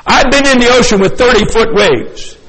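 An older male pastor with an unusually high voice preaches in an animated way, acting out the story with chuckles. His voice rings through a church hall with a long echo. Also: normal speed. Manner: animated, acts out scenes, chuckles often. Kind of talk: sermon. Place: church sanctuary.

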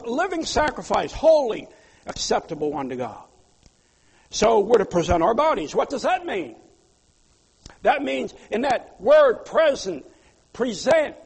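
A man preaching a sermon as a pastor, swinging between loud pleas and quiet asides. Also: high voice, vocal fry, husky. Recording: long hall reverb.

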